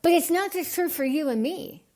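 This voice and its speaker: A woman from the United States, a podcast guest, speaking with a lisp and an unusual voice altered by tongue surgery, earnest and animated. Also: very high-pitched, normal speed. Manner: earnest, animated, gets excited. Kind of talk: podcast interview.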